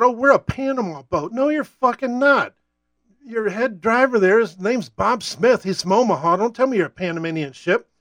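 A man's voice: high-pitched, fairly bright tone, no room sound. An American man delivering a profane, worked-up political rant as a talk-show host. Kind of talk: ranting political monologue.

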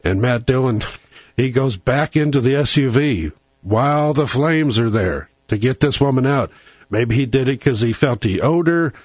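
A man's voice: medium pitch, expressive, normal speed, slightly rough, no room sound. A man hosting a talk show, telling a long rambling story in a casual way. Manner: rambling storyteller who acts out quoted lines.

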